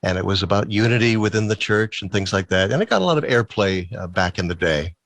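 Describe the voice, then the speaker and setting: A man's voice: lowish voice, animated, fast, a bit bright. A man telling stories as a guest in an interview, talkative and chuckling as he goes. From Massachusetts. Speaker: guest, musician and former DJ. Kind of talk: casual interview storytelling.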